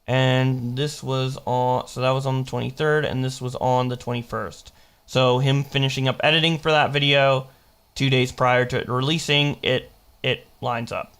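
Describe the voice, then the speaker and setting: A man's voice: medium pitch, steady tone, moderate pace, fairly bright tone, clear, resonant tone. A man giving casual live-stream commentary, rambling through chat logs and mocking the quotes as he reads them aloud. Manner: rambling, restarts while checking dates.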